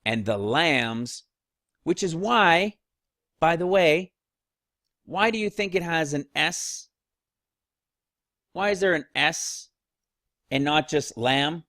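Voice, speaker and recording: A man's voice: a little high, expressive, takes it slowly, long pauses, sharp tone, no room sound, studio quality. A man casually teaching Bible verses, rambling, losing his place and asking rhetorical questions.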